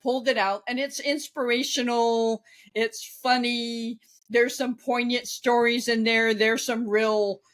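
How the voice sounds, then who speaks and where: A woman in her fifties speaks in an unhurried, measured way, her voice sitting a little high. She talks as a guest in a conversational interview, candid and chatty, with easy laughter. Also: level tone. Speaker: guest, author and former ghostwriter.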